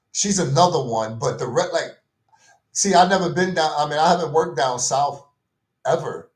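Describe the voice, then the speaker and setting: Man, casual slangy rant, exasperated, repetitive, roomy echo. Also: on the high side. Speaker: commentary vlogger.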